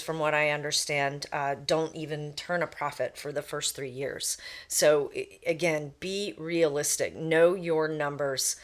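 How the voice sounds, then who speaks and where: A middle-aged woman, a business owner and podcast guest, giving measured, thoughtful advice. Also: deep voice. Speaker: entrepreneur guest. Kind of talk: interview advice.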